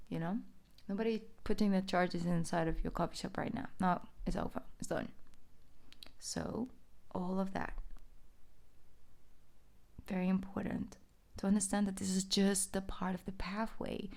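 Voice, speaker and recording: A young woman reading tarot in a relaxed, chatty way, her voice carrying a gravelly fry. She soothes and reassures the listener, now and then slipping into soft whispers. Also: mid-range voice, moderate pace, long pauses. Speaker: tarot reader. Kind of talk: casual tarot reading monologue.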